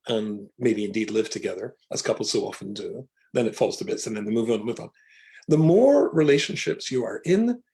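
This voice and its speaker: Gravelly older rabbi telling stories. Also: male voice, medium pitch, mellow, rough recording. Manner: storytelling, reflective. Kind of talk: casual conversation.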